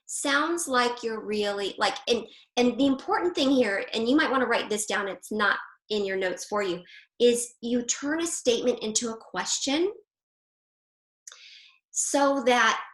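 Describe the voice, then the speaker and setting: Chatty woman coaching over a video call. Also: fairly high pitch. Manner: chatty, animated, quick to laugh. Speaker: Christian marriage coach hosting a women's group. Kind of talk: casual live online coaching talk. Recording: roomy echo.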